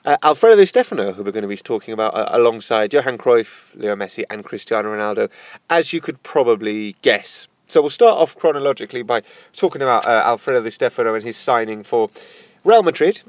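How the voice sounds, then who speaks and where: A man's voice: medium pitch, lively intonation, fast talker, no echo. A man hosting a casual podcast who introduces the episode in an easygoing way and steers the talk along. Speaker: podcast host.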